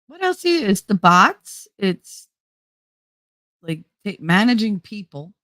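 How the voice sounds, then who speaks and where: A woman's voice: mid-range voice, big pitch swings, takes it slowly, a bit bright, no room sound. A middle-aged woman hosting her own channel, chatting casually to viewers in a rambling, joking way and laughing often. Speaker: YouTube channel host.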